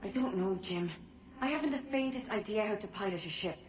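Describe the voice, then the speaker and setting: A woman's voice: medium pitch, expressive, brisk, a little hiss or hum, natural voice. A woman voicing a hesitant young woman, distant. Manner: hesitant, eager questions. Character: uncertain young woman wanting to learn to sail.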